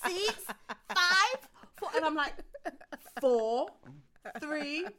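A woman co-hosting a casual motherhood podcast, telling stories in an animated way and laughing often. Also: high-pitched, extremely slow. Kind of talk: casual chat.

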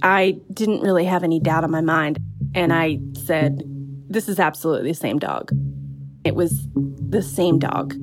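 A woman telling a true spooky story in the first person, in a relaxed, conversational way with casual fillers. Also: on the low side.

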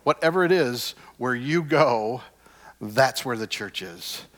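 A man preaching a sermon as a pastor, emphatic, with repeated refrains that swing from hushed to loud. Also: medium pitch, lively intonation, slow pace. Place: church sanctuary. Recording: long hall reverb.

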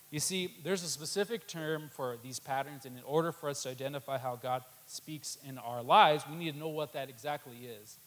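A man's voice: mid-range voice, brisk, few pauses, rough recording. A man giving a sermon in a loose, conversational way, with many "um"s and a habit of saying "right there.". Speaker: preacher.

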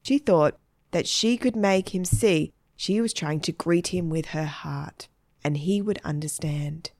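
A woman reading a children's story in a gentle, even storytelling manner. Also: deep voice, unhurried, no room sound, clean studio sound. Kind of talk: scripted children's story narration.

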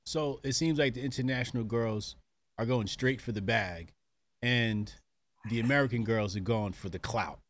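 A man's voice: medium pitch, moderate pace, a little hiss or hum. Hyped, slangy male host. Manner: hyped, slangy, laughs often. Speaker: podcast host. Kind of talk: casual interview chat.

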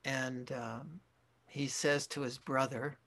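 A Zen teacher giving a dharma talk, speaking in a slow, reflective way with pauses and self-corrections. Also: male voice, mid-range voice, steady tone, a bit bright.

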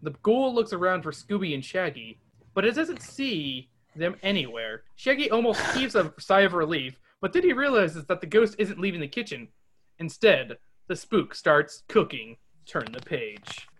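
A man reads a children's adventure book aloud for his podcast in a high voice at normal speed. Animated asides and character voices run throughout his reading.

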